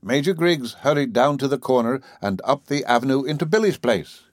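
A male audiobook narrator reads in a measured, wry way at a middling pitch. The recording is close and dry, with no room sound. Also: animated, dry recording. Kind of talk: scripted narration.

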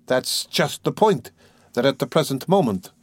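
A man's voice: medium pitch, animated, moderate pace, dry recording, voice pushed up, natural voice. A man voicing a tense, evasive young student who talks hesitantly and anxiously. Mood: nervous. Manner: hesitant, anxious, fake-casual.

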